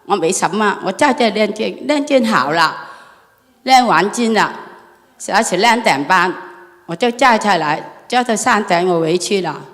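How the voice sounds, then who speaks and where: A woman's voice: mid-range voice, expressive, moderate pace, a bit bright. Rambling woman telling a story in a hall. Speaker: student asking a question. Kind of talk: emotional personal account. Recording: long hall reverb.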